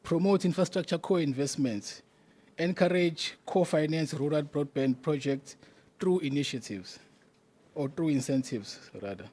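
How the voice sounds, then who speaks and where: A man's voice: on the high side, measured pace, darkish tone. A South African man from KwaZulu-Natal, a provincial secretary giving a conference address, chanting slogans and mixing Zulu words into his English.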